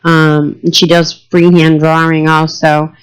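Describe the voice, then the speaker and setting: A woman with a Boston accent co-hosts a casual talk podcast in an easygoing, chatty way. Her voice sits low and sounds smooth and clear. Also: little pitch movement, a little slow. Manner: laid-back, chatty, plugging her nail business. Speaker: co-host.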